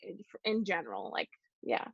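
A woman's voice: lowish voice, big pitch swings, moderate pace, creaky, slightly rough, dry recording, dull audio. A young woman from Canada, a guest chatting casually in an interview, full of "like" fillers. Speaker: guest, YouTuber.

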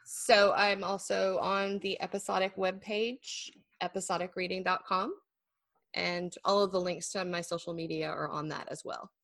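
A woman with a somewhat low voice, talking about her writing in an easy, self-deprecating way and reading her own fantasy chapter aloud. The sound is dry and close, with no room around it. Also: flat delivery, normal speed, gravelly, a bit bright, dry recording. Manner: chatty, laughs easily, self-deprecating. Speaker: author and guest. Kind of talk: casual interview chat and book reading.

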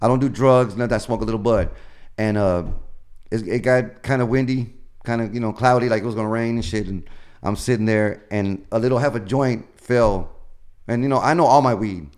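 A man's voice: on the low side, a little fast, darkish tone. A male comedian being interviewed, telling long profane stories in a casual, rambling way. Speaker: comedian guest.

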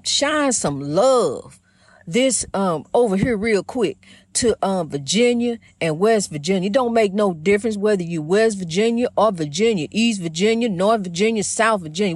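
A woman with a mid-range voice hosts her own motivational program, rambling through a casual spiritual monologue that is folksy and preachy. She praises God and calls her listeners honey. There's no room sound in the recording.

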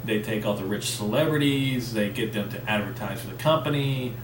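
A man's voice: on the low side, brisk, recorded from a distance. Rambling, profane man with a lisp. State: coughing. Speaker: podcast host. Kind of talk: casual solo podcast rant. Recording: roomy, off-mic, faint background noise.

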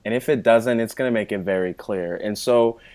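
A man with a fairly low voice chats as a guest in a relaxed interview. He explains things at length and leans on conversational fillers as he goes. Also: normal speed. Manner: chatty, explains at length with many "you know" fillers.

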